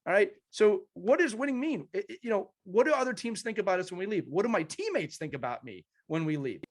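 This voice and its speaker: A man's voice: sits high, lively intonation, quick pace. Earnest male podcast host, storytelling. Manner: earnest storytelling with many restarts. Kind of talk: conversational interview.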